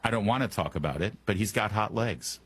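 A man's voice: lowish voice, lively intonation, a little fast, fairly bright tone, a little hiss or hum. A man hosting a talk radio show, delivering a joking monologue full of wry asides and puns. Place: Washington, D.C. studio.

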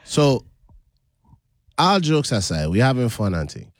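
A man co-hosts a podcast, joking and throwing quick comebacks with a lively, wide-ranging pitch. His voice sits close and dry on a desk mic. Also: dry recording. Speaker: podcast co-host. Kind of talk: casual chat. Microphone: desk studio mic.

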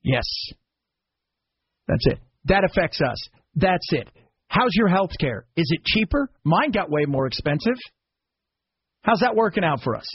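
Talk radio host, male, American, husky and a bit high-pitched, sarcastic rhetorical rants, dry muffled studio sound. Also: big pitch swings, measured pace, pauses often, dry recording. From United States. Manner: sarcastic, exasperated, rhetorical questions. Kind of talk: opinionated talk radio monologue.

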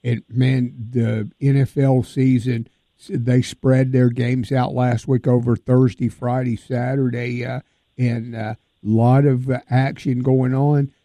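A man of medium pitch hosts a casual sports talk show at a measured pace, asking questions in a relaxed, flat way with frequent fillers. The recording is dry, with no echo, and sounds like a phone line.

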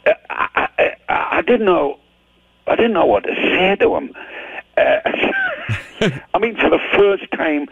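Older geordie guy, gravelly husky voice, chatty storyteller, tinny phone sound. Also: on the high side, no echo. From Newcastle, England. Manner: animated storyteller, stammers when excited. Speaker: rock singer guest. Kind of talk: anecdotal interview chat. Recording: tinny dry phone line.

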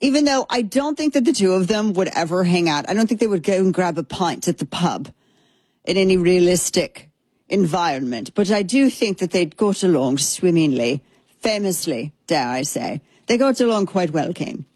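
A woman talks through political news in a loose, conversational way, doubling back on herself and adding wry asides. Her voice is slightly husky, recorded close and dry with no room sound. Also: fairly low pitch, expressive, normal speed, darkish tone, no room sound. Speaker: political commentary host. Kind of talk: casual political commentary.

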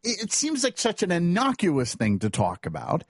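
A man's voice: high voice, huge pitch swings, moderate pace, husky, dry recording, clean studio sound. A middle-aged man co-hosting a morning radio show, ranting with mock indignation in casual chat.

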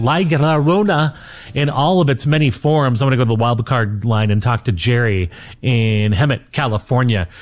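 Man hosting late-night call-in radio. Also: mid-range voice. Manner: relaxed, conversational, with fillers. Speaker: radio talk show host.

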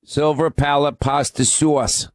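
A man's voice: a little high, fairly even intonation, takes it slowly, no echo. A man hosting a political talk radio show, opinionated and teasing with callers.

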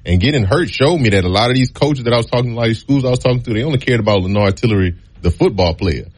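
A man telling stories from his football days in a relaxed interview, acting out the people he quotes. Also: mid-range voice, very fast, husky. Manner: relaxed storytelling, acts out quoted voices. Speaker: guest, former college football player. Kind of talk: casual storytelling interview.

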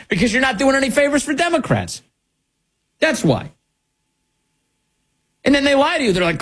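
A husky-voiced man hosting a commentary show, pressing his points with sarcasm and indignation. His pitch swoops up and down in lively leaps as he hammers each line home. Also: moderate pace, long pauses. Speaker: political commentary host. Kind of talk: opinion monologue.

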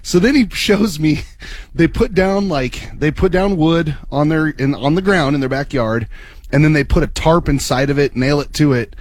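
Excitable male co-host telling a story. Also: on the high side, normal speed, dry recording. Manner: excitable, laughs while telling. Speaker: radio co-host. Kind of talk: animated storytelling on air.

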